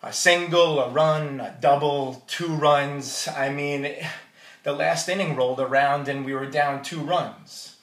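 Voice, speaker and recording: Man giving a slow toast in a hall. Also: fairly high pitch, fairly even intonation. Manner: storytelling, jokey and warm toward the groom. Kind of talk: wedding toast speech. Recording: roomy hall audio from a distance.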